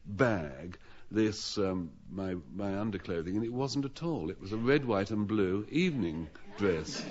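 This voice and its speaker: A man with a low voice tells a rambling, self-mocking comic story on a radio panel show, his pitch rising and falling in lively swings. He stumbles over restarts as he talks. The sound is dull and lo-fi, like an old broadcast. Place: radio studio with audience.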